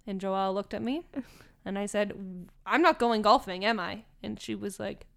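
A woman telling a lively personal story in casual chat, acting out quoted lines and laughing as she goes. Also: mid-range voice, normal speed, creaky. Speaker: storyteller recounting her proposal.

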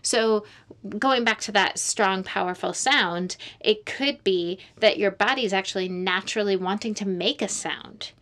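A woman's voice: mid-range voice, unhurried. A woman hosting a casual podcast chat about birth, affirming her guest with frequent agreement. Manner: warm affirming, many agreeing fillers. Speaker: podcast host, birth worker.

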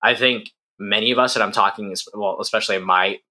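Young male co-host, bright and clear, thoughtful and rambling, casual chat. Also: lowish voice, fairly even intonation, quick pace. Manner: reflective, many fillers and restarts. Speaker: podcast co-host. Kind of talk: casual conversation.

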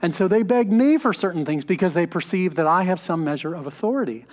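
Pastor guy preaching, kinda high voice, earnest and chatty, pushes up for emphasis. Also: expressive, fast, darkish tone. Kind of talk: sermon.

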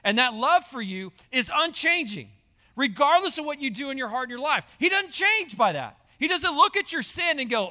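A man, a high school pastor, preaching an earnest sermon that repeats its key lines. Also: big pitch swings, moderate pace, bright, forceful tone, big-room sound. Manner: earnest, repetitive preaching, addresses listeners as y'all.

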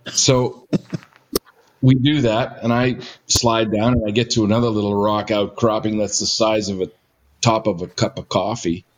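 A man's voice: on the low side, little pitch movement, normal speed. An older retired man telling a story in a casual, rambling way, full of fillers and self-mocking asides. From Canada. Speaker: guest storyteller.

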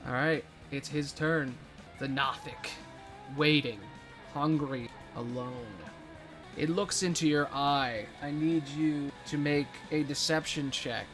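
A man narrating as game master of a tabletop game, casual with dramatic pauses. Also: on the high side, steady tone, fairly bright tone, soft background music.

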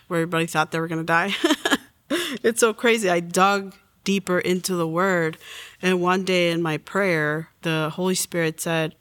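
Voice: medium pitch, fairly bright tone, smooth, dry recording. An adult in their forties telling a personal faith story in an earnest way, acting out the lines they quote. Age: 40s. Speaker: testimony guest.

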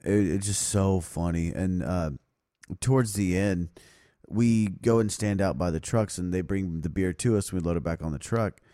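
A man co-hosting a podcast in casual chat, an animated storyteller who laughs often. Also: low voice, moderate pace, no echo, clean studio sound. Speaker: podcast co-host.

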